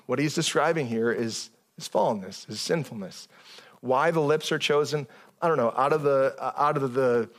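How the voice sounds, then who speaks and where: A man preaching a sermon in a conversational way, often stopping and restarting his sentences and rising in pitch as he stresses a point. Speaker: pastor.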